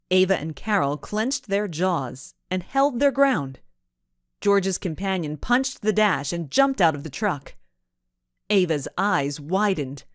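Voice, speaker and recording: A woman narrating a children's storybook in an expressive, measured way. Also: lowish voice, no room sound, clean studio sound. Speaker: audiobook narrator.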